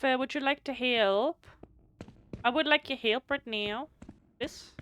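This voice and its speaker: A woman, a native German speaker, streaming a game with casual commentary, animated and swearing freely while reading text aloud. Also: mid-range voice, slow pace, slight background noise.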